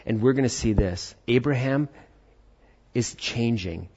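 A man's voice: medium pitch, a little slow, husky. Guy preaching at church, earnest and worked up at times, kinda muffled audio. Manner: earnest, animated preaching with rising emphasis. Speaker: pastor. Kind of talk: sermon. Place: church service. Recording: muffled lo-fi sound.

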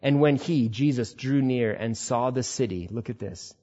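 A man preaching a sermon, swinging between loud emphatic passages and quiet, low reflection. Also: normal speed, dull audio. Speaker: pastor.

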